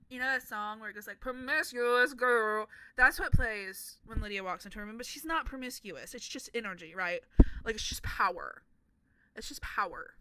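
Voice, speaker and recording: A young woman in her twenties talks casually about her game characters, chatty and playful and swearing freely. Her voice is bright and clear, a little higher than most. The sound is dry and close. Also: dry recording. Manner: rambling, self-deprecating asides. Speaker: content creator.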